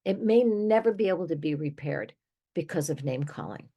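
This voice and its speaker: Older woman, host-therapist; low, husky, emphatic, conversational. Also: lively intonation, moderate pace, warm tone. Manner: emphatic, conversational, given to little laughs. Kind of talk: direct-to-listener advice monologue.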